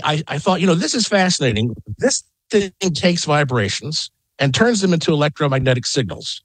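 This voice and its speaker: A middle-aged man, a guest on a call-in radio interview, telling an excited, rambling story from his home. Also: fairly high pitch, no room sound. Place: home in Las Vegas.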